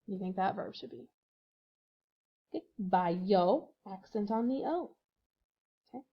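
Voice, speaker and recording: A woman teaching a recorded language lesson, patiently walking through exercises and spelling out words letter by letter. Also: mid-range voice. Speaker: Spanish teacher. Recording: dull lo-fi recording.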